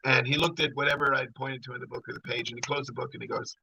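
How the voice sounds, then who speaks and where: Gravelly, bright-voiced middle-aged man telling a story. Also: mid-range voice, little pitch movement, fast talker, a little hiss or hum, rough recording. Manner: rambling, conversational, full of fillers. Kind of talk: personal storytelling.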